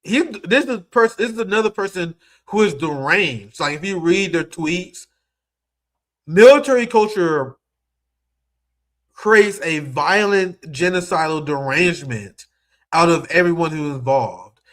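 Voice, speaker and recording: A man's voice: on the high side, lively intonation, measured pace, fairly bright tone. A young man giving heated, profane political commentary as a streamer, mocking and ranting at his audience.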